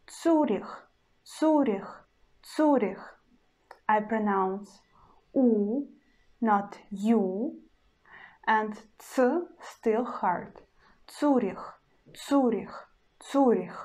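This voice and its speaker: A woman teaching pronunciation, saying each example word three times in a patient, careful way. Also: on the high side. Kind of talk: slow, deliberate language lesson.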